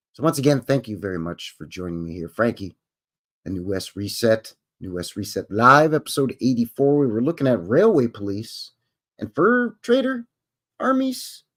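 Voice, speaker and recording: A man hosting a casual livestream, rambling and joking as he acts out little voices. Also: mid-range voice. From Canada. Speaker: livestream host.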